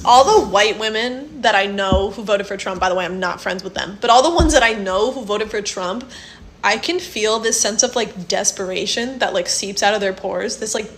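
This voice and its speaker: A woman's voice: medium pitch, a bit bright. A woman speaking scornfully in a casual way.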